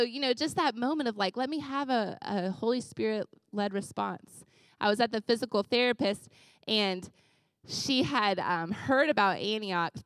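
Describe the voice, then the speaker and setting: A woman pastor telling casual, animated stories in a conversational sermon. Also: mid-range voice, no echo. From Louisiana.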